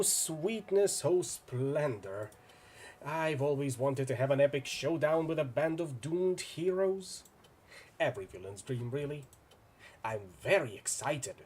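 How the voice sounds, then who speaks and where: A man voicing an excitable, overly polite male mad-scientist villain in a video game, chirpy and courteous with excited outbursts. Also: mid-range voice, moderate pace, husky, lightly acted. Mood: giddy.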